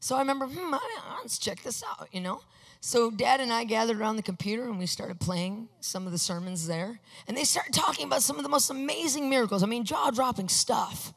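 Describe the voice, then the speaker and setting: Animated woman preaching in an echoing hall. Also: fairly high pitch, fairly quick, creaky. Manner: animated storyteller acting out dialogue; bursts into excited shouts. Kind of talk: testimony sermon. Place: large hall with a screen. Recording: long hall reverb.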